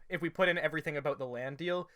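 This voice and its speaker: A man's voice: on the high side, fast, pushed and bright. A young man co-hosting a podcast in casual chat, loose and joking, with lots of fillers and the odd swear. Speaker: podcast co-host.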